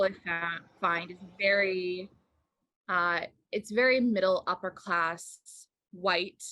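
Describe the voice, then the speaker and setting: A woman speaking earnestly and quickly in an interview, with small stumbles. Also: on the low side, pushed and bright, no room sound. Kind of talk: opinionated interview talk.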